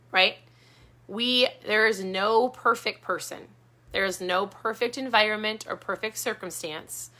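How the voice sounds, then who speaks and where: A woman speaks directly to her viewers in an earnest, motivating way. Her voice is bright and clear, at a middling pitch. She keeps returning to the same encouraging points. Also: unhurried. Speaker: keto vlogger.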